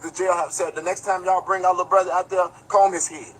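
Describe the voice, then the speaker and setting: A man's voice: high voice, level tone, fast talker, low-quality recording. A man giving casual livestream commentary, telling a rambling, profane story and talking straight to his viewers. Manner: talks straight to viewers, reads chat aloud. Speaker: online commentator.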